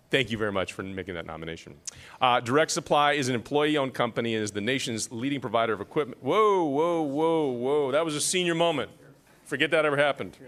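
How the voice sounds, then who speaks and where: A man's voice: mid-range voice, expressive, fast, a bit bright. A man emceeing an awards ceremony, reading citations with self-deprecating joking asides.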